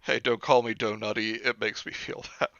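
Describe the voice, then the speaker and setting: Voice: mid-range voice, steady tone, normal speed, vocal fry, a bit bright, dry recording, dull audio. A stream host reading a bad book aloud and mocking it sarcastically, laughing often. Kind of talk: mocking read-along chat.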